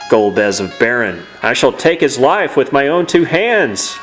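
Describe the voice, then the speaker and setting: A man's voice: medium pitch, big pitch swings, a little slow, a bit bright, faint music behind. A man voicing an old male sage in a video game who is consumed by grief and fury. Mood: enraged.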